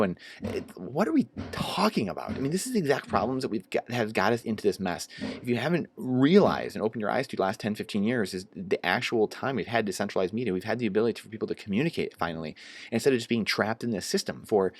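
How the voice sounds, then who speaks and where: An angry man delivering a solo rant to camera in a low voice, words tumbling out fast and hot. He sounds indignant and emphatic throughout. The room is dry and close, with no echo. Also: animated. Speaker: investing vlogger.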